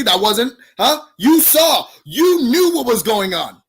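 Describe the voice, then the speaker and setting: A man, a professional wrestler, cutting a heated in-character promo in an accusatory, shouting manner. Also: high-pitched, big pitch swings, slow, slightly rough.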